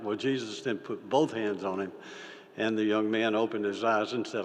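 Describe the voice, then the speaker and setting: An older man giving a folksy, halting speech as a state senator, with many fillers and restarts. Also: on the low side, steady tone. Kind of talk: folksy speech with a told story. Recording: reverberant hall.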